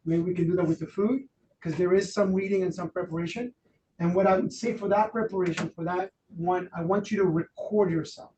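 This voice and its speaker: A man running a real estate training workshop, loose and animated, acting out quotes with plenty of fillers. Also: high voice, brisk, lo-fi sound. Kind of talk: workshop talk. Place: training room. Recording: roomy, distant, faint noise.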